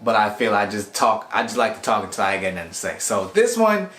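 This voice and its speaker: A man's voice: fairly low pitch, a little fast, a little hiss or hum. A man rambling through a casual anime episode review in a chatty, loose way. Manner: rambling, chatty, animated quoting. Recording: echoey room.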